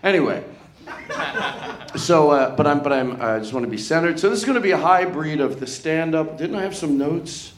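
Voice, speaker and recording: Rambling comedian in an echoey room. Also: male voice, a little high, moderate pace. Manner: rambling, self-mocking, chatty with the crowd. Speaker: comedian hosting a live podcast. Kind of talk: live stand-up banter with the audience. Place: event room in a hotel before a live audience.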